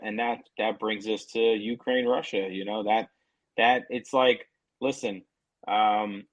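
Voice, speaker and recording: A man's voice: fairly low pitch, low-quality recording. Profane ranting podcast co-host, man. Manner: profane, ranting, mocking quotes. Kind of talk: casual podcast chat. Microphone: remote call.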